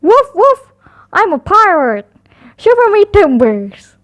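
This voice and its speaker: A woman's voice: very high-pitched, sing-song, takes it slowly, pitched above the performer's own voice, exaggerated voice. A woman voicing a boisterous little boy puppy who barks and plays pirate. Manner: boisterous, barking.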